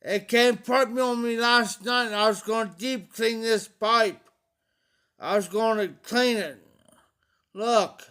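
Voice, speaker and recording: A man's voice: extremely high pitch, steady tone, unhurried, bright, forceful tone, clear, resonant tone. A man hosting a casual livestream, talking anxiously to viewers, pleading for help and repeating himself. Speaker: livestream host.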